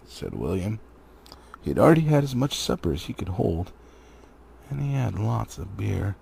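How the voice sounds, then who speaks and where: A man reading a classic children's book aloud, his delivery animated and full of swings in pitch. His voice is strongly gravelly and rather husky, a relaxed hobby reading. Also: moderate pace, long pauses. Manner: lively, animated storytelling. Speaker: hobby reader. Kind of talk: audiobook narration.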